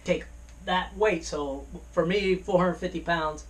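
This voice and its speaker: Halting DIY man, slightly high voice. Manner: hesitant, many "uh" fillers and restarts. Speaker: DIY boat builder. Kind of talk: casual workshop walkthrough.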